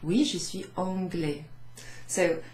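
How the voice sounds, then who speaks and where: A woman teaching beginners French from her office, going over phrases slowly with many fillers and repeating each example. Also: lowish voice, steady tone, darkish tone, reverberant, rough recording. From Wales. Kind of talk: recorded lesson recap for students. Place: home office with blinds closed.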